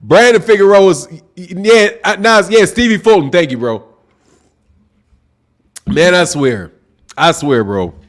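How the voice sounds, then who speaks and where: A man hosting a live-stream boxing talk show, loud and excitable, projecting his voice and saying "bro" a lot while reading viewer super chats. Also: sits high, measured pace, pauses often. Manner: reads super chats aloud. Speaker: boxing channel host. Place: home live stream, sipping drinks.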